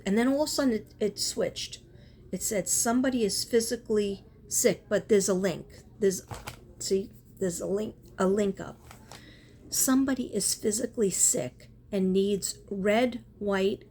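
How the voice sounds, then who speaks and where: A woman's voice: mid-range voice, a little slow, dark tone, a little hiss or hum. A woman chatting casually in a spiritual vlog, rambling and earnest, often breaking off and restarting. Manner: rambling, self-interrupting, earnest. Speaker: spiritual artist and vlogger.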